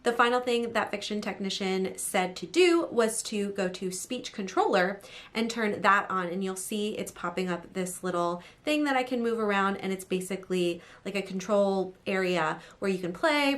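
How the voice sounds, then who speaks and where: A woman's voice: medium pitch, a bit bright. A woman novelist talking through phone app steps in a casual, upbeat how-to vlog, chatty and full of "like" and "um".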